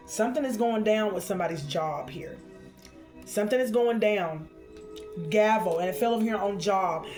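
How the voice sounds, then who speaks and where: A woman doing a spiritual card reading for her viewers, expressive and chatty, calling them honey and y'all. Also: mid-range voice.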